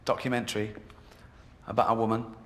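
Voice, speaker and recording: A man's voice: fairly low pitch, little pitch movement, brisk, background noise. A man performing a stand-up comedy routine in a comedy club, with a mocking, sarcastic delivery. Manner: mocking, sarcastic, jokey put-downs. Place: comedy club in a video game.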